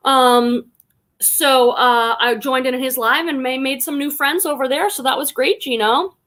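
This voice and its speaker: Bright, high-voiced chatty woman. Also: unhurried. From Boston. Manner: chatty, greets viewers one by one and reads chat aloud. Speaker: live stream host and online reseller. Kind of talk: casual live stream chat.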